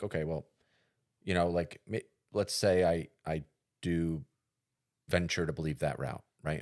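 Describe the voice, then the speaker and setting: A man's voice: rumbling low, darkish tone. A man co-hosting a podcast, talking casually and telling a story with lots of fillers and restarts. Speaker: podcast co-host.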